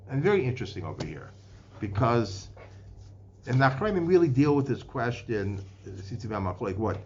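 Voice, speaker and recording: A man giving a Torah lecture in English full of Hebrew and Aramaic terms, often restarting and repeating words as he works through the sources. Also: medium pitch. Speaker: Torah teacher. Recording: dull lo-fi podcast recording.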